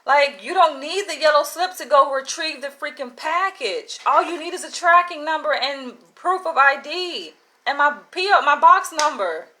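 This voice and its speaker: A woman vlogger telling a casual story in an animated, exasperated way, peppered with slangy "yo". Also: high-pitched, normal speed, rough recording.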